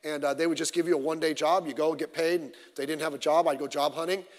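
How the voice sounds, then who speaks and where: A middle-aged man preaching a sermon as pastor, animated and wry, with many rhetorical questions. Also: on the high side, fast, long reverb tail. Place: church sanctuary.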